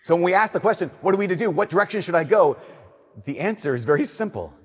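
A man's voice: high voice, husky. Man preaching in a reverberant church. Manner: animated storytelling, shifting between loud emphasis and soft slow delivery. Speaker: Catholic priest. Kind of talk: sermon.

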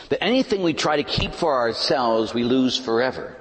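A man preaching a sermon as a pastor, moving between loud, emphatic lines and hushed, quiet ones. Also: mid-range voice, big pitch swings, normal speed, hardly any pauses, in a large hall. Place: church.

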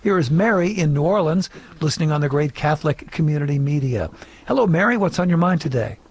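A man hosting a call-in radio show who briskly introduces callers and reads out the phone number. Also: on the high side, expressive, slightly rough. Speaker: radio host.

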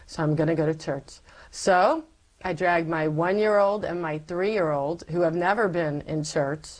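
Woman telling her faith story in an interview, lower voice, animated, acts out what she used to say. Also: measured pace, rough recording. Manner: lively storyteller acting out her past self. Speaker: interview guest. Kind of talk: personal faith testimony.

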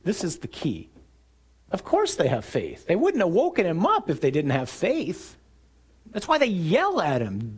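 A man delivering a sermon in a slightly raised voice. He tells stories with animated energy, acting out voices and shouting out the dramatic moments, then sinks low and soft to press a point home. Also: measured pace, breathy edge. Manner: storytelling, acts out scenes with raised shouting voice. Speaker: preacher.

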